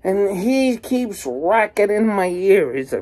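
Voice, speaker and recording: A woman vlogger on a profane, rambling rant, sounding fed up and exasperated. She talks slowly and drawls her words, at a middling pitch. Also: big pitch swings, dark tone, rough recording. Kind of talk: casual profane rant to camera.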